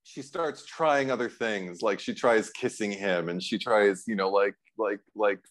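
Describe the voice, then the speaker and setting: A man's voice: on the low side, unhurried. A man co-hosting a casual film discussion podcast, talking animatedly with frequent restarts and bursts of laughter. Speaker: co-host.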